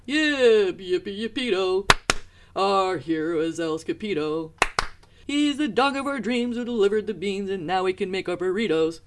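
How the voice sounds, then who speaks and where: A woman voicing a chorus of small excitable dogs, shouting their lines high and loud. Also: normal speed, noisy background, natural voice. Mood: cheering.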